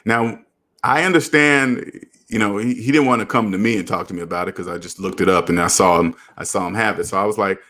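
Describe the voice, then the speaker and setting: A man's voice: medium pitch, fast. A man hosting a casual live stream, reading viewer comments and lecturing earnestly about debt. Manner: earnest, preachy, animated. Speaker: channel host.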